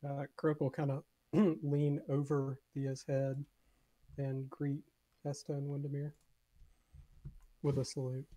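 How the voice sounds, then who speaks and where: Mellow-toned tabletop game player. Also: mid-range voice, monotone, slow pace, pauses often.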